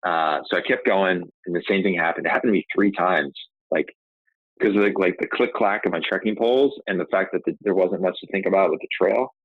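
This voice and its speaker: Man, very low voice, casual rambling storytelling, tinny phone-like sound, dry. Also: brisk, no room sound. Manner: rambling, frequent restarts and "like" fillers. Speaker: podcast host telling his own story.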